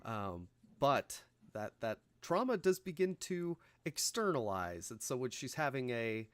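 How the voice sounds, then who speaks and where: A man's voice: mid-range voice, big pitch swings, measured pace, clean tone, no echo. A man co-hosting a podcast, talking loosely through a film discussion with plenty of fillers and restarts and frequent laughter. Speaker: podcast co-host.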